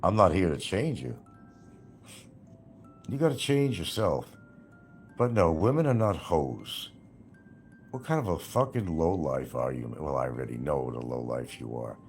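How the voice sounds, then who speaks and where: Very deep-voiced man ranting on a livestream. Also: animated, measured pace, pauses often, darkish tone, soft background music. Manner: taunting, profane, sarcastic, laughing at his target. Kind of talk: livestream rant.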